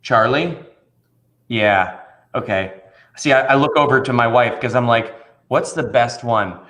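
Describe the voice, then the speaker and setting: A man who works as a children's magician talks in a relaxed interview. He tells stories with animated energy and slips into playful voices for the people in them. His pitch sits in the middle range. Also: a little slow. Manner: animated storyteller, acts out voices in anecdotes. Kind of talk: casual interview conversation.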